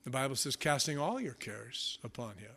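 A man's voice: medium pitch, animated, moderate pace, a bit bright, breathy edge. A middle-aged man preaching a sermon, telling stories with self-mocking humor in a conversational way. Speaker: pastor.

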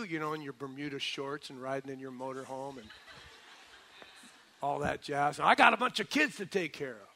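Bright-voiced older pastor preaching earnestly. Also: male voice, a little high, vocal fry. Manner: earnest, swings from loud exhortation to soft storytelling. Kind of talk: sermon.

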